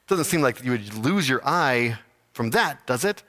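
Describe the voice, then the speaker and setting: A man's voice: mid-range voice, animated, unhurried, sharp tone, big-room sound. A man voicing a polite, puzzled male hiring manager who asks his questions hesitantly.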